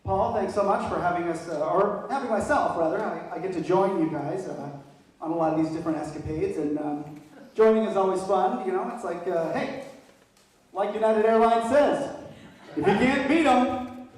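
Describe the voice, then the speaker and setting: A man's voice: sits high, moderate pace, heavy reverb, distant mic, rough recording. A man doing stand-up, telling stories with lots of energy and laughing through them. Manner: animated, laughing through his own stories. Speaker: stand-up comedian. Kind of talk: stand-up storytelling.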